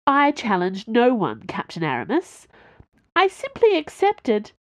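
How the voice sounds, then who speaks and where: A woman voicing a sharp-tongued young female tech tinkerer who talks in a brisk, curt way. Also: on the high side, huge pitch swings, no echo, lo-fi sound, voice pushed up.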